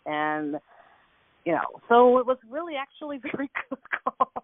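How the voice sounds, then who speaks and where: A woman with a fairly high voice tells a story over a tinny phone line, laughing often and acting out both sides of the talk. The sound is dry and close, with no room around it. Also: moderate pace, no room sound. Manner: laughing, animated retelling with quoted dialogue. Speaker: caller on a coaching call. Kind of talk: casual storytelling chat.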